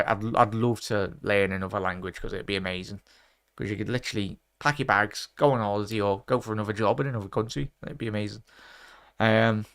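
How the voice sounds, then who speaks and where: A man hosting a casual live-stream quiz, chatty and rambling, often stopping to correct himself. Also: on the low side. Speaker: quiz host.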